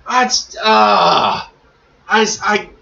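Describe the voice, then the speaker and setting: A man co-hosting a casual chat, excitable and swearing freely, with many "like" fillers. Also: high-pitched, takes it slowly, creaky. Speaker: podcast co-host. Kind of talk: casual chat about pro wrestling. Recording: echoey, muffled lo-fi audio.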